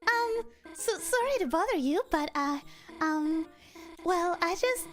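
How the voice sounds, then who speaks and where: A woman's voice: very high-pitched, animated, slow pace, faint music behind, pitched above the performer's own voice, full character voice. A woman voicing a shy, nervous teenage reindeer girl in a game, stammering and hesitant.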